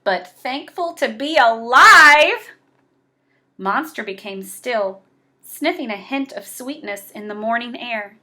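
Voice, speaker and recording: A woman reading a children's picture book aloud, slow and expressive. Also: a little high. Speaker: storybook reader.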